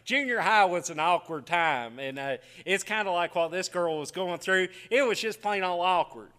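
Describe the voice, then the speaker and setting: A middle-aged man preaching a folksy sermon, telling homey stories with frequent chuckles and quiet asides. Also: high-pitched, moderate pace, clear, resonant tone.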